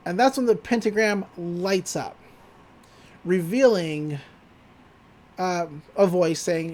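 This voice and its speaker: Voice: mid-range voice, slow, pauses often, a little mellow. A podcast co-host from Texas giving a rambling, profane recap of a cartoon episode and laughing often.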